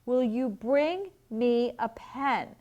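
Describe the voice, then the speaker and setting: A woman's voice: a little high, animated, very slow, a little mellow, dull audio. A woman voicing a patient bunny father, asking plainly for help in a storybook reading.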